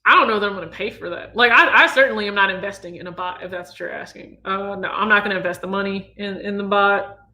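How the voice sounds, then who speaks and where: A man's voice: sits high, fast talker. A man in his thirties from the US Midwest, casually answering viewer questions on a livestream. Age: 30s. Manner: relaxed, chatty, reads viewer questions aloud. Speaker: sneaker channel host.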